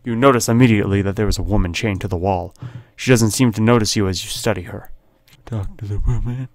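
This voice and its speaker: A man's voice: on the low side, fast, no echo, studio quality. A man hosting a gaming video, reading a horror text game aloud and making jokey asides, often laughing.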